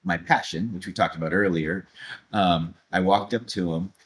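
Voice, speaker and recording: A man's voice: low-pitched, normal speed, breathy edge. A man, a coach and guest, telling a personal story animatedly and acting out moments as he goes. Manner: animated storyteller, acts out moments, laughs often. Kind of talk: casual storytelling in a conversation.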